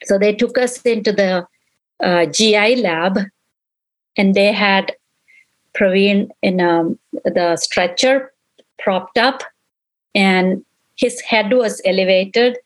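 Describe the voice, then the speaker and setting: In an interview, a middle-aged woman who is a grieving mother slowly and emotionally recounts what happened, quoting things others said to her. Her voice is medium-pitched, and the recording quality is low.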